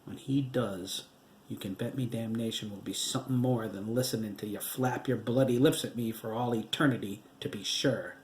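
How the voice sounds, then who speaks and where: A man's voice: fairly low pitch, steady tone, moderate pace, reverberant, slight background noise, close to an everyday voice. A man voicing a bitter, scornful widow. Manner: scornful, snapping, breaking into sobs. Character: bitter middle-aged widow, sharp-tongued and defiant.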